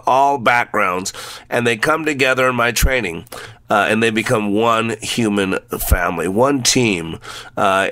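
A man hosts an inspirational radio talk show with bright, forceful energy. He speaks in a folksy, upbeat way, laughing often and leaning on "uh" fillers. The sound is dry and close, with no room in it. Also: mid-range voice, dry recording. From Texas.

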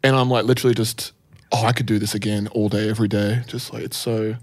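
A man's voice: lowish voice, level tone, fast. A man co-hosting a podcast, laid-back in casual chat, swearing freely. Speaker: podcast co-host.

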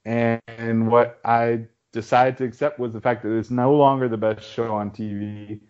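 A man co-hosting a podcast over a phone hotspot, giving blunt, wry opinions with halting starts. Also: mid-range voice, level tone, a little mellow, clean tone. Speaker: podcast co-host. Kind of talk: casual chat. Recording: dull lo-fi phone hotspot connection.

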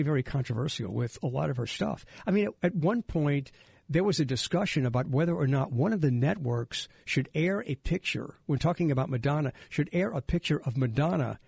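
A man's voice: on the high side, gravelly, a little mellow, breathy edge, no echo. A middle-aged man hosting a radio talk show, rambling and restarting his sentences as he tells stories. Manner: rambling, self-interrupting storyteller.

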